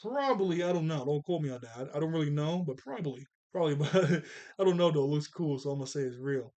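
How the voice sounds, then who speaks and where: A man casually recapping a cartoon episode, animated and chatty, acting out the characters' lines in jokey voices. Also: fairly high pitch, quick pace. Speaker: cartoon reviewer.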